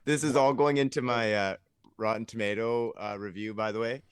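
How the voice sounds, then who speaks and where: A man's voice: lowish voice, fairly even intonation, normal speed, smooth, no echo. A man with a nasal voice from a cold, joking sarcastically as a podcast co-host. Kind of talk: casual podcast banter.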